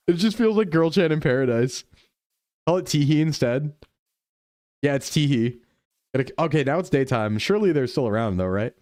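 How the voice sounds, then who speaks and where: A young man chatting casually while streaming a game, playful and quick to drop into goofy voices. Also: on the high side, expressive, darkish tone, dry recording, studio quality. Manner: playful, jumps into goofy voices and dub impressions. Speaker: VTuber streamer. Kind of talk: casual gaming chat.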